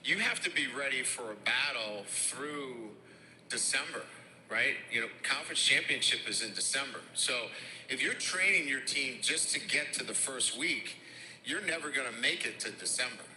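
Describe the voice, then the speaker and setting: A middle-aged man, a head football coach with a Boston and Midwestern accent, answering press conference questions in a halting way with many fillers. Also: medium pitch, animated, pushed and bright, a little hiss or hum, rough recording. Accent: Boston and Midwestern with some Louisiana. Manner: halting, heavy on fillers and restarts.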